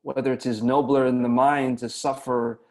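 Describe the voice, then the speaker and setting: A brooding young prince torn between living and dying, spoken by a man reciting verse. The lines come out measured and deliberate, with ordinary pitch, as in a classical recitation. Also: little pitch movement, darkish tone, lightly acted. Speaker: actor in a masterclass.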